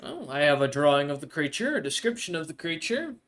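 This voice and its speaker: A woman's voice: sits low, big pitch swings, brisk. A man voicing a young, sly female dwarf who keeps a bar in a thieves' guild, coy and sweet-talking while she haggles.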